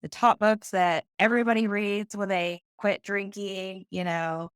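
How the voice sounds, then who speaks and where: A woman's voice: mid-range voice, steady tone, a little slow, clean tone, no room sound, studio quality. A woman guest on a podcast, telling her personal story in a candid, earnest way.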